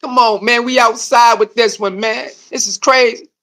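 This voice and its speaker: A man's voice: extremely high pitch, normal speed. A man giving heated, repetitive live-stream commentary, laughing and mocking as he talks. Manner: animated, repetitive, laughing, slangy. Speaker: streamer reacting to a video.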